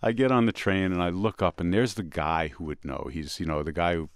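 A man with a smooth, clear voice and a fairly low pitch tells a story in relaxed conversation. He talks in an animated way and often restarts his sentences. The sound is close and dry. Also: no echo. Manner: animated anecdote telling with quick restarts. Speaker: radio show host. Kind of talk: casual storytelling chat.

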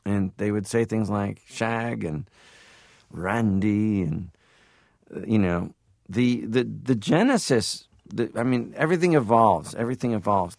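A man from Canada, an interview guest, telling animated stories and slipping into impressions. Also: fairly low pitch, creaky, no room sound, clean studio sound. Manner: animated storyteller who drops into impressions. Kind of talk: interview talk.

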